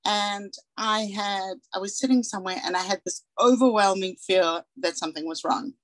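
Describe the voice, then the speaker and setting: Woman, 40s, from South Africa, personal talk, earnest, candid, mid pitch, dry close sound. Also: moderate pace, dry recording, poor audio. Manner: earnest, candid, acts out quoted dialogue. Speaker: guest speaker.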